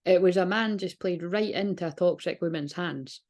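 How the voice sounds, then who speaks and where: A woman's voice: fairly low pitch, moderate pace, darkish tone. A woman talking as a spiritual reader in a casual, rambling monologue, frank and swearing freely.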